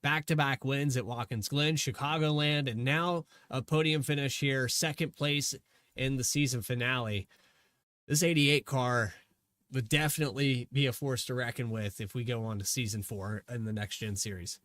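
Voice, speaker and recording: A man's voice: mid-range voice, fairly even intonation, normal speed, a bit bright, dry recording, clean studio sound. A man hosting a post-race interview in a chatty, rambling way. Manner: chatty, rambling, hesitant restarts. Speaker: race broadcaster.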